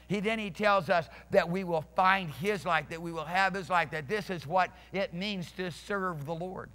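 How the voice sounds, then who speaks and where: A man's voice: high voice, moderate pace, few pauses, fairly bright tone. A male pastor preaching a sermon emphatically, restarting phrases and questioning his congregation. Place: church sanctuary. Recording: reverberant church hall.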